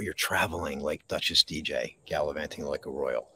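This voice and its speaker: A man hosting a live mindfulness podcast from a park, talking slowly and reflectively with dramatic pauses and reading viewer comments. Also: a bass voice, bright, forceful tone, husky. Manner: reads and answers viewer comments. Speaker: podcast host. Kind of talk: live-streamed mindfulness talk. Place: outdoors in a park.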